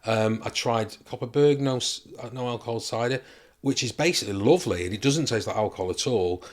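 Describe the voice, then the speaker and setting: A man, a guest telling stories in a relaxed chat and acting out voices as he goes. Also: medium pitch, a little fast. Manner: storytelling, animated impressions. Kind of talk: casual chat.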